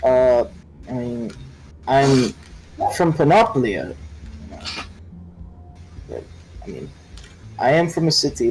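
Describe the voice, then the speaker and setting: Man playing a hesitant Russian-accented noble, slow and halting, for a tabletop game. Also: medium pitch, a little mellow, slight background noise, rough recording. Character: wandering young nobleman.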